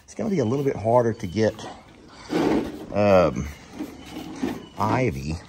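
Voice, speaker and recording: A man's voice: fairly low pitch, sing-song, a little slow, heavy background noise. A man talking through a casual farm vlog outdoors, chatting with his animals. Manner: chatty, talks softly to the animals. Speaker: farm vlogger.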